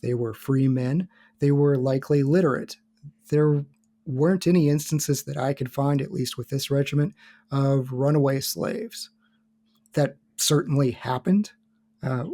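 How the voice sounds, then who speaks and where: A man appearing as a guest on a podcast, explaining history in a measured, steady way. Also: medium pitch. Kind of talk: casual podcast discussion.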